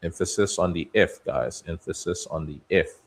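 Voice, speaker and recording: A low-voiced man speaking at normal speed hosts a live day-trading stream, giving running market commentary. He muses and banters with the stocks on his watchlist as if they were people.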